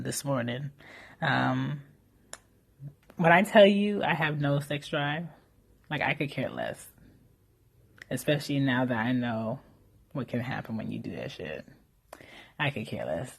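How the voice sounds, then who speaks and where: A woman's voice: a bass voice, vocal fry, husky. Candid young mother hosting a podcast. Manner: candid, conversational, with frequent fillers and mild profanity. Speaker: podcast host. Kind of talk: casual solo podcast monologue.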